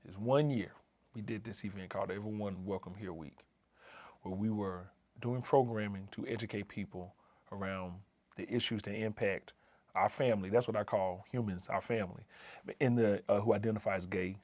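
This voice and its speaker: A man's voice: lowish voice, fairly even intonation, normal speed, darkish tone, no echo. A middle-aged man, an assistant dean, telling a personal story in an earnest, emphatic way and repeating key phrases for weight. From Southern United States. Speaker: assistant dean of community and inclusion.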